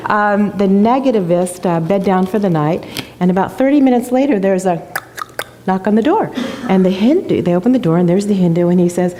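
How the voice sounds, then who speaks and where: A woman's voice: on the low side, a little fast, mellow. Enthusiastic woman giving a church talk. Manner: enthusiastic, storytelling. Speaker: guest speaker. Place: church sanctuary.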